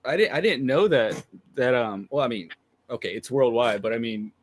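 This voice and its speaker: A man from the United States, a guest in a casual livestream chat, talking in halting bursts and calling the host man and dude. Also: medium pitch, animated. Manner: halting, many restarts and fillers, says man and dude.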